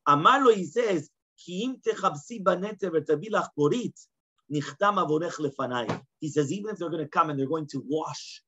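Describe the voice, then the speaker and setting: A man with a voice on the high side and lively intonation leads a casual Talmud class at a brisk pace, with noise in the background. The class recording is dull and lo-fi, and he reads Aramaic lines before explaining them in plain English, frequently asking "right?".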